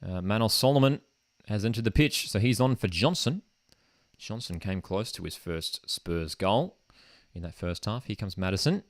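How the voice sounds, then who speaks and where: A man's voice: fairly low pitch, lively intonation, normal speed, no room sound, studio quality. A man hosting a live football watchalong, casual and enthusiastic, often saying "man". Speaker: football streamer and host. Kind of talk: live match watchalong commentary. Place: home streaming desk setup.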